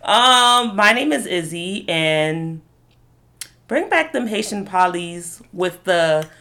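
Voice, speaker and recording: A woman's voice: lowish voice, animated, slow, pushed and bright. A woman co-hosting a podcast in casual chat, giggly and chiming in often. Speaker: podcast co-host.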